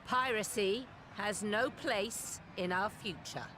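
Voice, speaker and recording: An actress voicing a commanding woman admiral in a video game, speaking in formal, measured oratory. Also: mid-range voice, fairly bright tone, slight background noise. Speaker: fleet admiral and head of state. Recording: game audio with music underneath.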